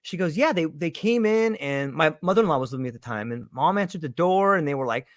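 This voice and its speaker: A man's voice: fairly high pitch, fast, dry recording. Man with a dry, close voice telling a story. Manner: lively, acts out the voices in his story. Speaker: panel guest telling a story. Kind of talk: casual storytelling chat.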